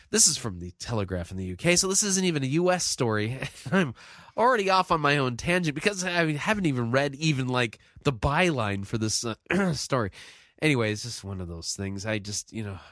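A man's voice: medium pitch, fairly bright tone, no room sound, clean studio sound. A man giving casual solo commentary, rambling and sighing, full of fillers and restarts, with single words punched for emphasis. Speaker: podcast commentator.

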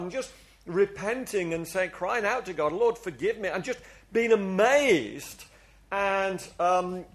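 In church, a man with a high, fairly bright voice preaches an earnest, confessional sermon. He often restarts his words and leads the congregation in call-and-response, having them say things together.

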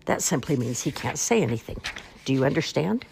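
A woman's voice: very deep voice, expressive, brisk, vocal fry, a little mellow, slight background noise, exaggerated voice. A woman voicing a pompous, long-winded male swan father who makes grand, flowery speeches in a storybook reading. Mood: lecturing.

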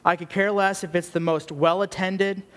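A man's voice: sits high, fairly even intonation, moderate pace, a bit bright. A man preaching as a youth pastor, blunt, earnest and conversational, peppered with casual "like"s. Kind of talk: sermon. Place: church youth gathering hall. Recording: long hall reverb.

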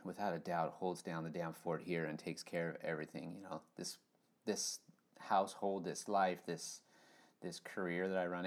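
A man with a very low voice tells stories on a podcast. He rambles and restarts often, leaning on fillers as his energy rises and falls. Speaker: podcast guest. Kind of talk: casual storytelling.

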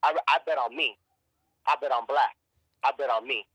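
A man tells his story in a casual podcast chat, pressing hard on his words and swearing freely. His voice is bright and forceful, and he keeps repeating himself as he finds his way. The sound is dry and close, with no room around it. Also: medium pitch, moderate pace, breathy edge, no echo, low-quality recording. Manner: emphatic, profane, repeats and restarts words. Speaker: actor and podcast guest.

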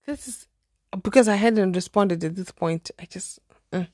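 A young Zimbabwean woman spins a dating story as a podcast host, chatty and exclamatory with a ready laugh. Her voice sits at a middle pitch, and the recording is dry and close, with no room around it. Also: normal speed, a little mellow, no echo. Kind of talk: casual storytelling monologue.

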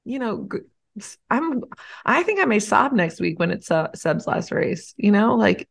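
Gushing, animated woman chatting casually. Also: mid-range voice, moderate pace, vocal fry. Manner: gushing, animated, swears casually, rises into squeals when indignant. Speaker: podcast co-host. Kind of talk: casual chat about motor racing. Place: home, with a snoring dog nearby.

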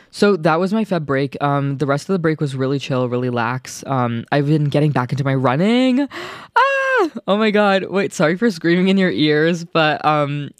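A young man hosting his own podcast, chatting casually and excitably in a rambling way with lots of filler words. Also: fairly high pitch, clean tone, no room sound, studio quality. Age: young adult. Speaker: podcast host. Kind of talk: casual solo podcast chat.

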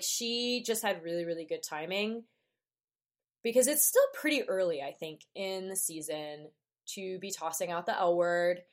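Chatty woman with a wry podcast recap. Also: on the low side. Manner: chatty and opinionated, with frequent fillers; wry, playful asides. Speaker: podcast host. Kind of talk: casual solo recap.

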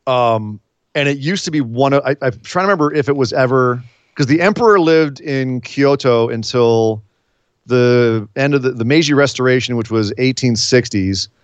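A man's voice: medium pitch, clear, resonant tone, dry recording. American guy rambling on a podcast, lots of ums and likes, kinda muffled dry sound. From United States. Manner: animated, rambling, lots of fillers. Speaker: wrestling podcast co-host. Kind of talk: casual chat.

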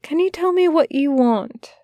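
A gentle, fussy male angel who stumbles over his words when he is flustered and lifts his voice high when he pleads, as a woman reads him aloud. The delivery is unhurried and close, in a dry room. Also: no room sound. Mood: tender, flustered. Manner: flustered, tender, stammering.

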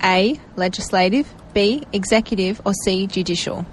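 A woman radio co-host with an Australian accent, reading quiz questions in a brisk, teasing manner. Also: medium pitch, slight background noise, low-quality recording. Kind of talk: playful radio banter. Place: radio studio.

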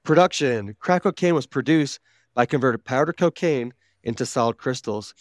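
A man's voice: mid-range voice, normal speed, no room sound, clean studio sound. A man co-hosting a podcast, reading out notes in a casual, swearing manner while wheezing from asthma. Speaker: podcast co-host.

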